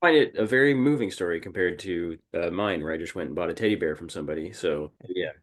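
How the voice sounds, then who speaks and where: A man's voice: low-pitched, quick pace. A man, a band musician, answering podcast questions in a laid-back, modest way. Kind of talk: casual interview chat.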